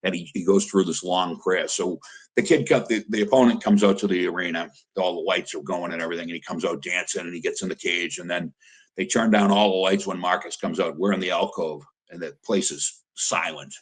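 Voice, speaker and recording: A middle-aged man with a very low voice and a husky grain tells stories from his years in fight corners. His talk is casual and rambling, full of restarts as he gathers his thoughts. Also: fairly even intonation, a little fast. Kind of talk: casual interview storytelling.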